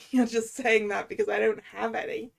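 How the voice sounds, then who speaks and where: A woman's voice: fairly high pitch, steady tone, a little slow, vocal fry, exaggerated voice. A woman voicing a cocky young male French lawyer in a game, using a put-on French accent and a showy, self-assured manner. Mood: teasing.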